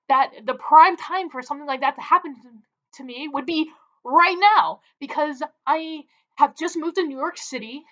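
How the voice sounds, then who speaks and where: A young woman tells a story to the camera, chatty and animated, with lots of "like" in her speech. Her voice sits high, and the recording sounds a little dull and lo-fi. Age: young adult. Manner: chatty, filler-heavy, animated. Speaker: vlogger. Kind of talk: casual storytelling.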